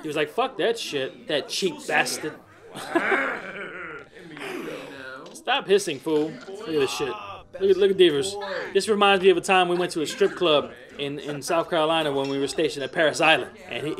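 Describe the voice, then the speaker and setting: A man giving rambling, profane commentary over a life-simulation game, often mocking its characters. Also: fairly high pitch. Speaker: gamer. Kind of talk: profane Let's Play commentary.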